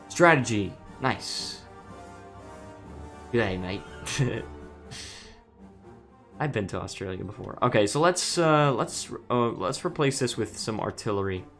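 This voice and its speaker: A man's voice: medium pitch, lively intonation, a little slow, a bit bright, faint music behind. A man streaming a strategy game, musing aloud with hesitant restarts while reading chat messages.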